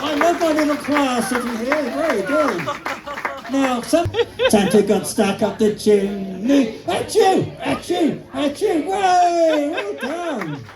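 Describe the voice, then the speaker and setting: A man's voice: extremely high pitch, animated, slow pace, recorded from a distance, over a noisy crowd, very noisy. Theatrical Father Christmas man, echoey room. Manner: theatrical, sing-song, playful. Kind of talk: reciting a poem and leading carols for children.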